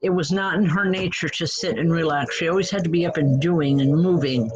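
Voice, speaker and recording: A woman's voice: low voice, a little fast. A woman working as a spiritual medium, delivering readings to a gathered group in a chatty, folksy way. She talks bluntly and makes jokes at her own expense. The recording sounds dull and lo-fi. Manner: chatty, folksy, self-deprecating; blunt, direct.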